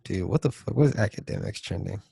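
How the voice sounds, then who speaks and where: Laid-back deadpan podcast co-host man. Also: lowish voice, fast, vocal fry, slightly rough, no echo, studio quality. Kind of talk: casual chat.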